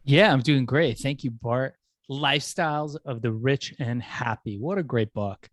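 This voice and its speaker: A man's voice: mid-range voice, measured pace, dry recording. Upbeat male podcast host, dry close sound. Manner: upbeat, laughing, animated storyteller. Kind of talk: casual podcast chat and sponsor read.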